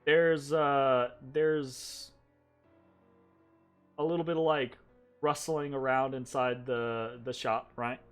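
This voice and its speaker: A man's voice: mid-range voice, steady tone, takes it slowly, pauses often, smooth, faint music behind. A man game master narrating a tabletop game in a chatty way, laughing and restarting often.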